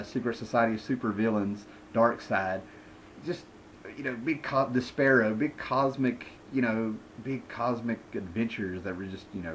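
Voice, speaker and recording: A man's voice: lowish voice, a little hiss or hum, poor audio. A man in his thirties giving a casual, rambling, sarcastic review of old comic books. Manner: rambling, sarcastic, lots of fillers.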